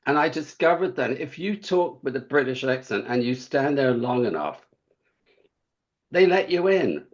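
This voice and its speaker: A man's voice: medium pitch, expressive, a little slow, lo-fi sound. A man being interviewed as an author guest, telling witty anecdotes in a campy way and chuckling often. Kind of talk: casual interview chat.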